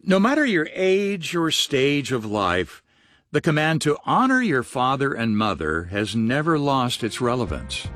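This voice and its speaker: Man, radio announcer, lively pitch, dry close sound, scripted read. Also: unhurried, no room sound.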